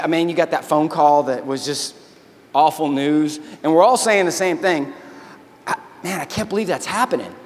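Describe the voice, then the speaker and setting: A man giving an animated keynote talk, telling a story, acting out the quotes and calling the crowd "y'all". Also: high voice. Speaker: keynote speaker, army veteran. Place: large convention hall. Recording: long hall reverb.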